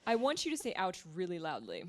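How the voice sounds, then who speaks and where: Casting: woman writer at a live library talk, lower-pitched voice, chatty, laughs easily, reads lines aloud. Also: animated, normal speed. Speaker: guest writer. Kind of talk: conversational seminar reading aloud. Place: library event room with live audience.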